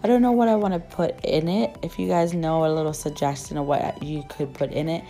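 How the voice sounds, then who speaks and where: A young woman vlogger, her voice still rough after losing it, chatting and gushing in a casual shop-with-me voice-over. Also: low-pitched, fairly even intonation, a little fast, mellow, faint music behind. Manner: gushing, chatty, many fillers. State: rough voice, just recovering.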